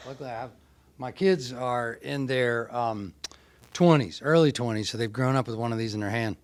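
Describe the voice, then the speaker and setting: A man in his fifties who speaks haltingly and corrects himself as he begins a presentation at a town meeting. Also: medium pitch, dry recording. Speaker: land developer presenting. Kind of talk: public presentation.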